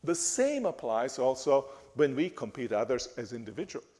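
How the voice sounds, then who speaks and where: A man giving a talk in a church, speaking haltingly with frequent restarts and fillers. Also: medium pitch, sing-song, a little mellow. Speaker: guest speaker. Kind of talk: church lecture. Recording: reverberant church hall.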